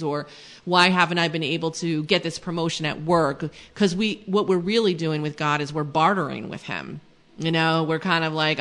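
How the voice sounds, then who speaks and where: A woman's voice: low voice, moderate pace, fairly bright tone. A woman hosting a faith podcast, teaching in an earnest, conversational way with many fillers. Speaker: podcast host.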